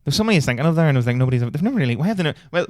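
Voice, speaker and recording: A man's voice: fairly high pitch, animated, rapid-fire. A young man co-hosting a podcast, rambling and swearing freely in casual chat. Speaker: podcast co-host.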